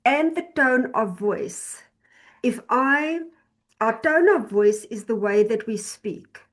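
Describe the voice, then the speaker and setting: A woman teaching an online class, explaining slowly and patiently, often repeating and restarting her phrases. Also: on the high side.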